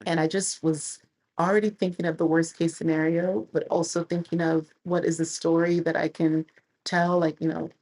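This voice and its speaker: A woman in her thirties, a travel creator telling stories casually and animatedly, with a husky voice. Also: low-pitched, moderate pace, low-quality recording. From United States. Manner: animated, chatty storyteller who laughs and acts out quotes. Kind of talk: casual storytelling to camera.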